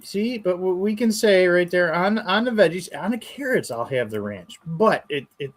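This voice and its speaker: A man's voice: sits high, expressive, normal speed. Laid-back Western New York man co-host. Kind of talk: casual chat on a livestream.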